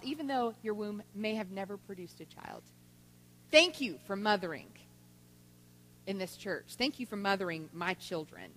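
A woman giving a Mother's Day talk in church, telling stories with lively voiced quotes. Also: medium pitch, moderate pace. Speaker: church speaker. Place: church sanctuary. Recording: long church hall reverb.

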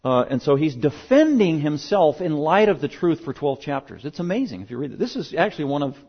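A man's voice: a little high, very animated, a little fast, husky. Emphatic male pastor, lo-fi sermon. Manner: emphatic, repeats key words for stress. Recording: dull lo-fi sermon recording.

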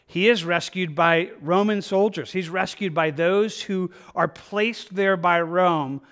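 A man's voice: sits high, slow pace, fairly bright tone, clean tone. A man preaching a conversational verse-by-verse sermon, full of fillers and repeated words. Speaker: pastor.

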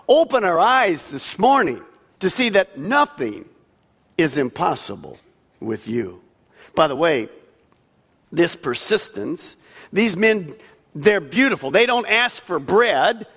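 A man's voice: high voice, a bit bright. A man preaching a sermon as pastor, with emphatic delivery that swells and drops. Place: large church hall. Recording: long hall reverb.

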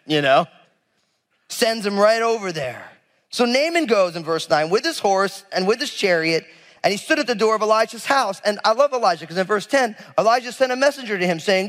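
Man, pastor, sermon, very expressive pitch, long hall reverb. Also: moderate pace. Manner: animated, acts out biblical figures with casual asides.

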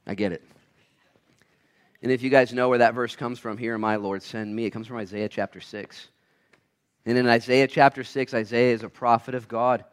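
A man preaching a sermon from the pulpit of his church. His voice sits at an ordinary middle pitch. He drops into quiet, chatty asides, then rises to loud, fired-up proclamations. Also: fairly even intonation, fast. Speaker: pastor. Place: church sanctuary.

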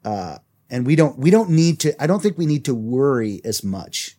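Regular guy cohosting a faith podcast, earnest, mid pitch, reads stuff out loud. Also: very animated, moderate pace. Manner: earnest, reads quotes aloud. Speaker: podcast co-host.

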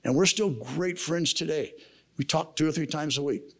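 A man's voice: on the high side, normal speed, creaky, a bit bright. A man giving a sermon at a men's camp, telling a personal story in a casual, slangy way. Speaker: camp speaker. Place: camp meeting room.

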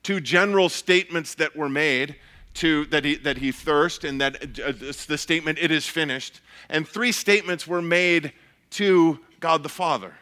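A pastor giving an earnest, measured sermon, often restarting his phrases. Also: fairly high pitch, pushed and bright.

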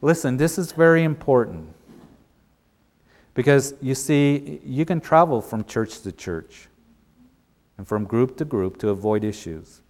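A man's voice: medium pitch, animated, a little slow, pauses often, a little mellow. A male pastor delivering a sermon, retelling a story and driving points home with repeated, emphatic phrases.

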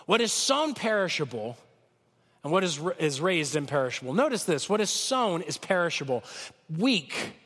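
A man preaching a sermon with a cold, talking conversationally and swinging from loud peaks to soft lows. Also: big pitch swings, moderate pace, long reverb tail. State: has a cold. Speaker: pastor.

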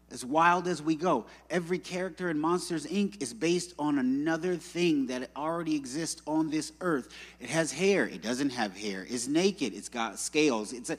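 A man preaching a sermon in a church, in a conversational, joking storyteller manner. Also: on the high side. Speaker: pastor. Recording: long reverb in a hall.

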